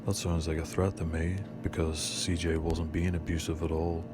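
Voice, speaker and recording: A man's voice: sits low, flat delivery, normal speed. A man giving indignant voice-over commentary on a video, scornful of the police. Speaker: commentator on a channel. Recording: loud background music under voice-over.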